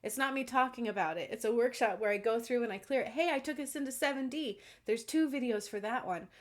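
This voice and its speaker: A woman talking casually to her viewers, earnest and emphatic, often checking in with "okay?". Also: a little high. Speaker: self-described spiritual channeler. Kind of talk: casual monologue to camera.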